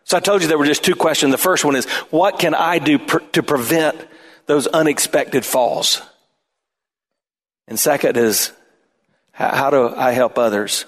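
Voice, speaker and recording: A man preaching a sermon as pastor, emphatic and at times shouting. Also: mid-range voice.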